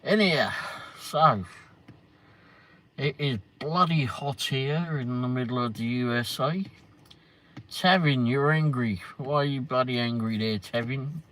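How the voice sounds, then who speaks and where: A man with a medium-pitched, slightly bright voice speaks a little slowly while hosting a casual livestream. He chats with viewers by name and swears freely, and the noisy recording carries vehicle sounds in the background.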